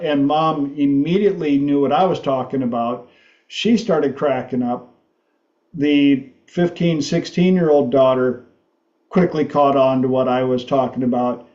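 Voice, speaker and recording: A man hosting a talk show, telling a story slowly and haltingly, laughing often. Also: medium pitch, steady tone, warm tone, reverberant, highs cut off. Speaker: host.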